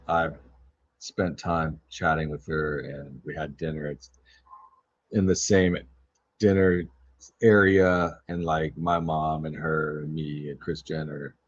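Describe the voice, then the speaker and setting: A man's voice: very deep voice, breathy edge. A man hosting a podcast, giving casual commentary with chatty, offhand asides. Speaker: podcast host. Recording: dull lo-fi audio.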